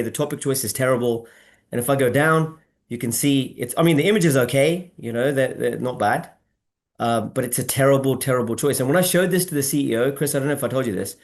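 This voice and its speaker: A man hosting a casual marketing webinar on a video call, talking emphatically and asking the audience to respond. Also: medium pitch. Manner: animated, emphatic, asks audience for replies. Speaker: webinar host.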